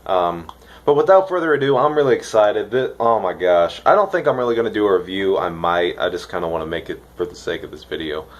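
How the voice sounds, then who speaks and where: A young man from the United States rambling excitedly in a casual vlog, swearing now and then. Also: low voice, fast. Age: young adult. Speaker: vlogger reviewing dip.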